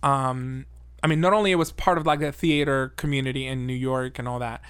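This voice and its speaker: A man's voice: medium pitch, fairly even intonation, brisk, fairly bright tone, smooth, no room sound. A man hosting a podcast in casual chat, explaining history with many fillers. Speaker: podcast host.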